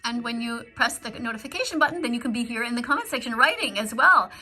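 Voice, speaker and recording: A woman's voice: on the high side, lively intonation, quick pace, pushed and bright, faint music behind. A middle-aged woman reading out live-stream comments in casual chat, earnest and pleading as she lectures her viewers.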